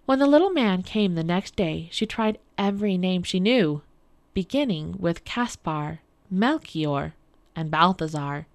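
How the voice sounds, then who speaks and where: A woman from a public library reading a fairy tale aloud for radio in a calm, measured way. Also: lowish voice. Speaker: library storyteller. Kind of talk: storybook read-aloud for radio.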